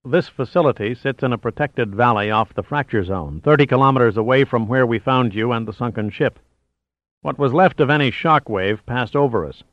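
A man voicing a terse, stony male commander who speaks quietly. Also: mid-range voice, a little fast, no room sound, lo-fi sound, lightly acted. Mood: steady.

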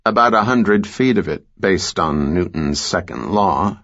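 A man reading an audiobook who voices a calm, sardonic male hero in a low, dry, deadpan delivery. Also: a little slow, dull audio, full character voice. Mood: cold.

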